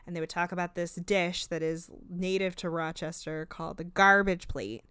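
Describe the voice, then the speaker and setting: A woman's voice: lowish voice, normal speed, fairly bright tone, smooth, no room sound. A woman co-hosting a podcast, chatting casually about a reality show and sarcastically acting out the cast's lines. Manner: chatty, sarcastic, acts out quotes in funny voices. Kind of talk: casual chat.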